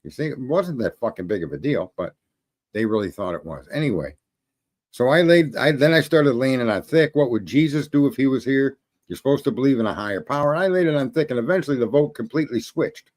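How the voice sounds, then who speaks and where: A middle-aged man holds forth in a rambling, profane story, swaggering and amused with himself. His voice sits at an ordinary pitch, and he jumps between quiet asides and louder punchlines. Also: lively intonation, brisk. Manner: crude, swaggering, laughs at his own story. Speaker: show host telling a story.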